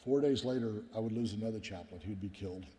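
Brief Low-voiced middle-aged male pastor, echoing hall. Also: fast talker, mellow. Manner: earnest, personal, often addresses listeners as guys. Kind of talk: sermon storytelling. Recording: long hall reverb.

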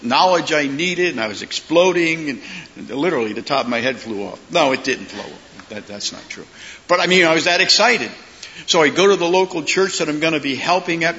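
A middle-aged male pastor preaching with a bright, forceful voice and acting out the people in his stories. The sound is dull and lo-fi, with a faint hiss. A long reverb hangs in the sanctuary. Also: fairly high pitch. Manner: animated storyteller, acts out voices in his stories. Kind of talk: sermon.

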